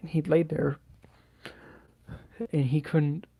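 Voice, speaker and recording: A man telling a personal story to camera in a halting, hesitant way, with many restarts and sighs. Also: a little high, little pitch movement, creaky, dark tone, breathy edge. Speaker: channel host.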